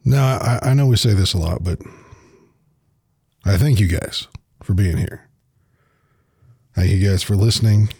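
Gravelly-voiced man, blunt podcast monologue. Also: lowish voice, unhurried, pauses often, mellow, no room sound, clean studio sound. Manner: blunt and profane, earnest and reflective. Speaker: podcast host. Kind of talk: casual solo monologue.

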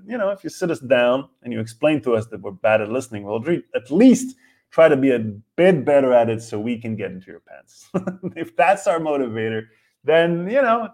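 A man in his thirties from Israel, ranting as a comedy host in a rambling, profane, self-interrupting way. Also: medium pitch. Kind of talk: live comedy rant.

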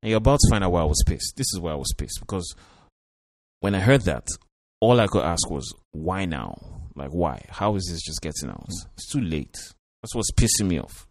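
Guy ranting about reality tv, real low voice, dry close sound, swears a lot. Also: sing-song, moderate pace, no echo. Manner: blunt, profane, repeats "you know". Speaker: reality show commentator. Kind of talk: casual commentary.

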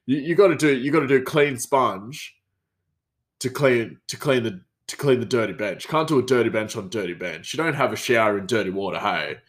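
A man's voice: mid-range voice, brisk, lightly acted. Man doing a "hey"-saying chef. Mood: scolding. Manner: tacks "hey" onto every sentence. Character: laid-back male chef ending every sentence with "hey".

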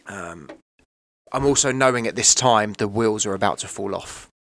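Gravelly-voiced man telling a raw story. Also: lowish voice, moderate pace, fairly bright tone. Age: 30s. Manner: emotional, rambling, repeats "right?" and "you know". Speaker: podcast guest. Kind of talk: candid personal storytelling.

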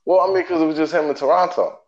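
A man's voice: fairly high pitch, quick pace, muffled recording. A man co-hosting a podcast, telling sports stories in casual chat and chuckling through them. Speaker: podcast co-host.

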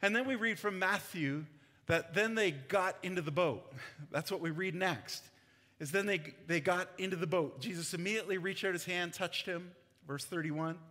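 A man's voice: sits high, normal speed, bright, forceful tone. A man preaching a conversational sermon as pastor, laughing often between his points. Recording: long hall reverb.

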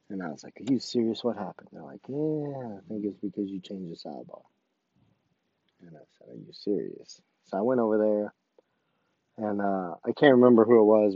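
A man's voice: fairly low pitch, no room sound, highs cut off. A man, an army sergeant, casually telling a story about his duty station and acting out the dialogue. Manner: animated, acts out quoted dialogue.

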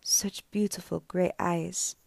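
A woman's voice: lowish voice, a little mellow, no room sound. A woman reading a sweetly sinister old lady. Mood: whispery. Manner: slow, soothing and sad. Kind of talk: audiobook character reading.

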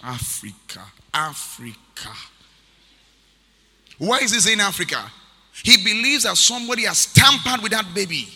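A man preaches with a cutting, forceful brightness and a voice sitting a little high. His words ring out into a large church hall with a long reverb tail. He drives his points home by repeating them and reads scripture aloud between them. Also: animated, brisk, husky. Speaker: pastor. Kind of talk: sermon.

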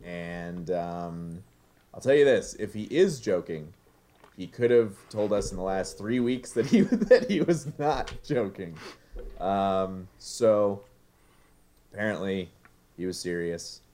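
A man in his thirties co-hosting a casual podcast, joking and laughing as he talks, with halting restarts. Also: low voice, warm tone. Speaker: podcast co-host. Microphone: remote recording setup.

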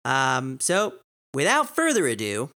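A man's voice: medium pitch, huge pitch swings, unhurried, sharp tone. Easygoing young man co-hosting. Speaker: podcast co-host. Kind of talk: casual podcast chat.

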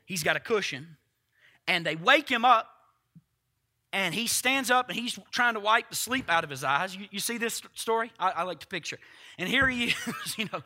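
A pastor preaching in church, with a high, ringing voice and a very bright tone. He talks straight to his congregation in a loose, conversational way. Now and then he bursts into loud, shouted lines. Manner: swings from quiet asides to loud shouted quotes; conversational, addresses congregation directly. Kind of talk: sermon.

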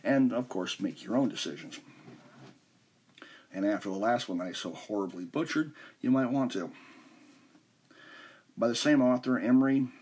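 Man, podcast host, casual explanatory talk, husky voice, low pitch, informal. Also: a little mellow. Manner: informal, conversational, stumbles over names.

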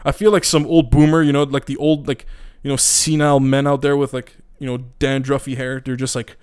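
A man's voice: medium pitch, little pitch movement, fairly quick, darkish tone, clear, resonant tone. A man podcasting into a microphone, ranting in a casual, profane, blunt and rambling way with many restarts.

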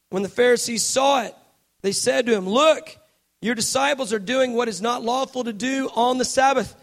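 A man preaching a sermon with passion, moving between hushed, near-whispered lines and loud shouting. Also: extremely high pitch.

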